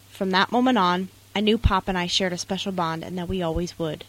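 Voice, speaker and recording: A woman's voice: fairly low pitch, brisk, hardly any pauses, a bit bright, poor audio. A young woman reading a personal essay aloud in an earnest, tender way. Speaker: narrator.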